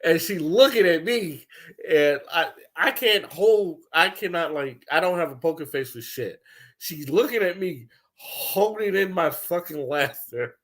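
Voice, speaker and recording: A young man ranting casually, telling loose, profane stories with lots of laughter and swings between loud bursts and low mumbles. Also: lively intonation, unhurried. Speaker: commentator. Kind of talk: casual rant.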